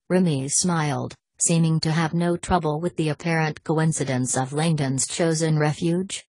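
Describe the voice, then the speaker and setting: A woman narrating a novel as an audiobook in a steady, measured reading. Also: low voice, husky, dry recording, low-quality recording. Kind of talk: scripted narration.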